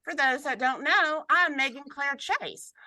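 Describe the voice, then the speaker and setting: A woman's voice: high voice, unhurried, sharp tone, no room sound, poor audio. A woman with a Southern US accent from Atlanta, hosting a casual webinar in an upbeat, chatty way. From Atlanta, Georgia. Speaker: host.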